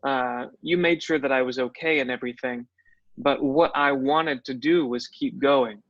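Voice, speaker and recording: A man's voice: mid-range voice, steady tone, normal speed, no room sound. A man who is an actor, telling stories in a reflective way as a guest in a casual interview. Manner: reflective storytelling. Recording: dull, dry audio.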